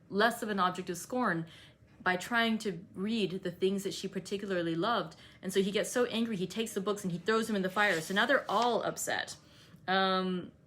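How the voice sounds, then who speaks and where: A woman hosting an online read-aloud group, chatting casually as she recaps the plot and slips into quick quoted asides. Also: on the low side, a bit bright. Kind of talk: casual book-club recap.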